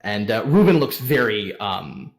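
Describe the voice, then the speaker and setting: Guy game-mastering a tabletop game, slow and hesitant, lots of ums. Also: lowish voice, big pitch swings. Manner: hesitant, many fillers.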